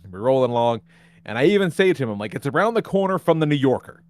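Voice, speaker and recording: A man hosting a podcast, telling a story in casual chat, acting out quotes with big jumps in pitch and laughing often. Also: very animated, very fast, a little mellow, dry recording. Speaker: podcast host.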